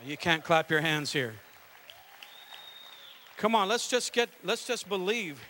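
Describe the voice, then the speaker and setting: Bright-voiced fervent preacher man. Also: high-pitched, lively intonation, a little slow, a faint crowd, slight background noise. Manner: fervent, conversational storytelling. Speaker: pastor. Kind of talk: Pentecostal sermon.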